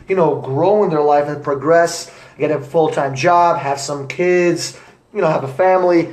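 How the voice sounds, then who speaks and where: A young man, an entrepreneur, giving an energetic motivational talk to camera with repetitive, punchy phrasing. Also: on the high side. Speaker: entrepreneur vlogger. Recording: echoey room.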